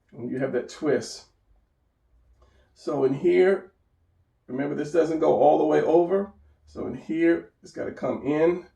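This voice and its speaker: A man's voice: medium pitch, gravelly, warm tone, reverberant, far from the mic. A man giving an unscripted drawing lesson, rambling and correcting himself as he sketches. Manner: rambling, self-correcting, talks while drawing. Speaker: drawing instructor.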